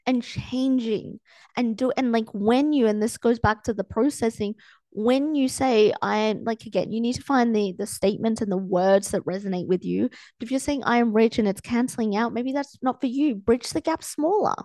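Her voice a little high and a little mellow, at a normal speed with no echo, a young adult woman hosts her coaching podcast solo. She's chatty and filler-heavy, often acting out quoted thoughts.

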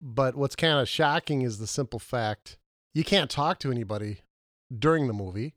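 A man co-hosting a casual movie podcast, questioning his partner and arguing his points with lively jumps in pitch. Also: moderate pace, dry recording, studio quality. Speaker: podcast co-host.

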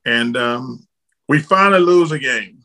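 A middle-aged man from Alabama, a former basketball player telling blunt, lively stories as a guest in an interview. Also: medium pitch, a little slow, poor audio. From Alabama, United States. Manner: lively, blunt storyteller, casual slang. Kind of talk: candid storytelling in an interview.

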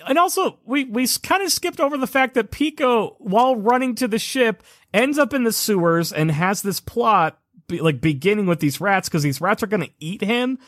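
A man co-hosting a casual podcast, riffing on a movie with animated tangents and frequent laughter. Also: sits high, moderate pace, hardly any pauses, no room sound, clean studio sound. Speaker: podcast co-host.

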